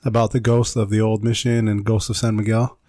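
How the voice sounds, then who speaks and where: Fast-talking podcast co-host, man from California, jokey asides, dry close-mic sound. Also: fairly low pitch, level tone, dark tone, dry recording, rough recording. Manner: jokey, quick interjections. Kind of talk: casual chat.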